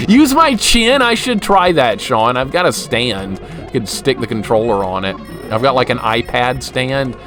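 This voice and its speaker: Brief: young male streamer, mid pitch, joking and grumbling at a hard boss, game music loud behind him. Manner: frustrated, joking, laughs often, talks to chat by name. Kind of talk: live gameplay commentary chatting with viewers.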